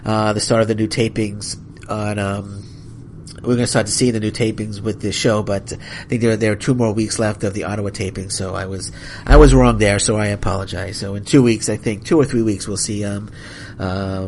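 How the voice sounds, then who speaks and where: A man's voice: on the low side, steady tone, moderate pace, a little mellow, a little hiss or hum. A man hosting a solo wrestling podcast, ranting angrily and rambling with many restarts and apologies. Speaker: podcast host.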